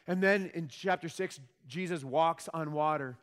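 A man's voice: a little high, a little slow, few pauses. A man preaching a sermon with emphatic delivery and rhetorical questions. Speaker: pastor. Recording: long hall reverb.

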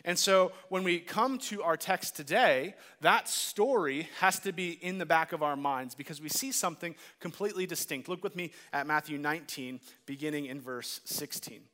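A man giving a sermon as pastor, earnest and emphatic, going soft and low when he reads scripture. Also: moderate pace, long reverb tail. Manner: earnest preaching, rising to emphatic peaks, dropping soft and low for scripture readings.

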